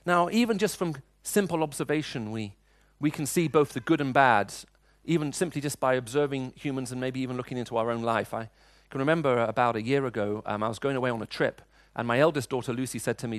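A man's voice: mid-range voice, quick pace, hardly any pauses, no room sound. Middle-aged male preacher, chatty storytelling delivery, dry recording. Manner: storytelling, conversational, frequent restarts. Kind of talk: sermon with personal stories.

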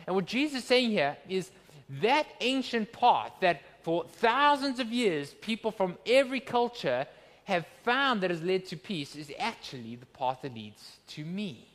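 Male pastor, higher register, preaching earnestly in a reverberant church hall. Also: big pitch swings, normal speed, fairly bright tone. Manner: earnest, emphatic preaching with rhetorical questions. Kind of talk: sermon.

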